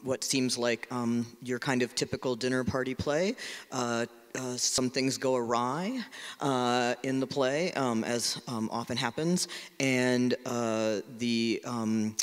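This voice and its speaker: Man moderating an onstage talk; halting, filler-heavy delivery, mid-pitched voice, long theater reverb. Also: clear, resonant tone. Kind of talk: onstage conversation. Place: large theater.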